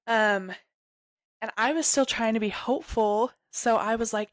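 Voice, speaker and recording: Young woman telling her story, halting, emotional, says like a lot, dry sound. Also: fairly high pitch, no room sound. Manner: halting, emotional, heavy use of "like". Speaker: guest sharing her story. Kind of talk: personal storytelling interview.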